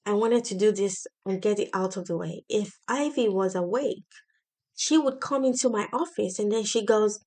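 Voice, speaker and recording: A woman's voice: mid-range voice, moderate pace, a little mellow. A woman in her thirties hosting a casual solo podcast from her home office, speaking in an earnest, encouraging way. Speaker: podcast host.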